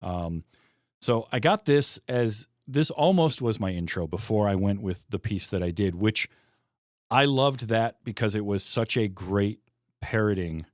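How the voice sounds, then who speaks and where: A man with a Michigan Midwest accent hosting a podcast, chatting about a film with quick, enthusiastic asides. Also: fairly low pitch, animated, no echo, clean studio sound. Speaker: podcast host. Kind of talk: casual film discussion.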